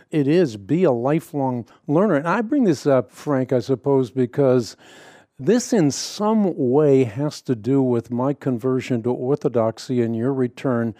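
Middle-aged man, radio host, mellow dark tone, dry close sound, earnest storyteller. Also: medium pitch, no echo. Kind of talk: conversational interview.

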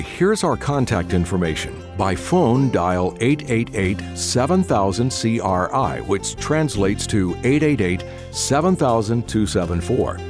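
A man reading a scripted radio broadcast outro, measured and clear as he gives contact details. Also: lowish voice. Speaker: radio announcer. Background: music bed.

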